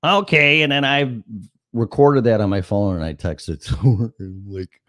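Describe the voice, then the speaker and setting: In a dry, studio-quality recording, a middle-aged man hosting a talk show chats and tells stories in a fairly low voice at normal speed. He swears, stays animated, and performs the dialogue himself.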